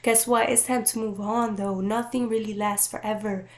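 A woman giving a casual tarot reading to viewers, talking in an animated, playful way with swearing and frequent laughter. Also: mid-range voice, normal speed. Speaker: tarot reader.

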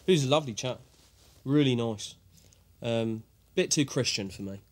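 A man's voice: medium pitch, normal speed, a little mellow, lightly acted. An actor playing a vain, grandiose male horror writer who stars in his own series, speaking pompously in a mock documentary interview. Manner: self-important, pompous.

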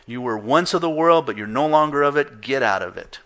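A pastor preaching a conversational sermon, asking rhetorical questions and repeating points for emphasis. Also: male voice, medium pitch, lively intonation, a little fast, a bit bright.

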